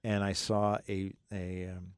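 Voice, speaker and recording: A man's voice: sits low, flat delivery, unhurried, clear, resonant tone, no room sound, clean studio sound. A middle-aged man hosting a call-in radio show about money, talking in a rambling, joking way with many fillers and restarts. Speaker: radio finance show host. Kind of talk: casual call-in radio talk.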